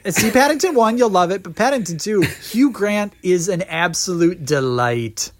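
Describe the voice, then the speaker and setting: Casual podcast co-host, man in his thirties, a bit high-pitched, wry and chatty. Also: lively intonation, moderate pace. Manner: joking, talks in long flowing run-on sentences. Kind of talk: casual movie review chat.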